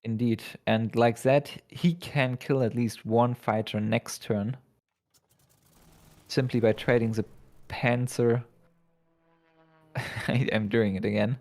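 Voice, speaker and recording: A man giving color commentary on a card game match, unhurried and slightly halting. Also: medium pitch, fairly even intonation, darkish tone. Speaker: esports co-caster.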